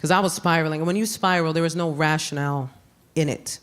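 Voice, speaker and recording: A woman with a New York accent performing live stand-up comedy, brash and animated, with sudden loud jumps on her punchlines. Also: sits low, fast. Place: comedy club stage with audience. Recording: live club recording with room noise.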